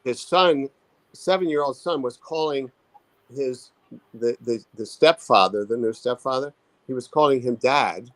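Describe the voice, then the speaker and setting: A man speaking as a therapist and author in an interview, thoughtful and halting, restarting his sentences often. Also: mid-range voice, a bit bright, no room sound, low-quality recording. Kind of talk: conversational expert interview.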